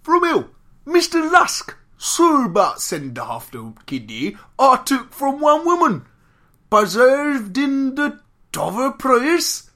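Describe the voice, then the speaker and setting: A man's voice: big pitch swings, full character voice. A man putting on a crude Cockney voice as a gleeful Jack the Ripper, reading a letter aloud and dropping little words. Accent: put-on Cockney. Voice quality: shouted, high, drawn-out, dropped words.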